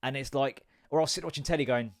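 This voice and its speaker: A man's voice: medium pitch, fast talker, dry recording. Male podcast host in his thirties, comic, sweary, loose and rambling, dry close sound. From United Kingdom. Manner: jokey, swearing, rambling asides; comedic, stand-up performer. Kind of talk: casual chat.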